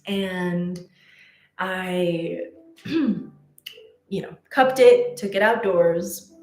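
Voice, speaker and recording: A woman's voice: on the low side, very slow, darkish tone, reverberant. A woman telling a personal story in a casual, chatty way, with many fillers and restarts. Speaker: spiritual content creator.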